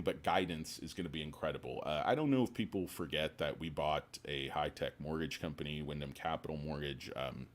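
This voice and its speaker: A man's voice: rumbling low, animated, fairly quick, few pauses. A man hosting a casual livestream, brash and joking as he rambles. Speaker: livestream host.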